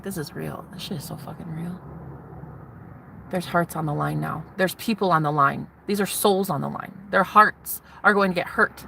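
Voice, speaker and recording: A woman's voice: medium pitch, creaky, sharp tone, a little hiss or hum. A woman talking to her viewers in a casual vlog, candid and profane, rambling emotionally and often restarting her sentences. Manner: self-interrupting, restarts often. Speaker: vlogger. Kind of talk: casual spiritual vlog monologue.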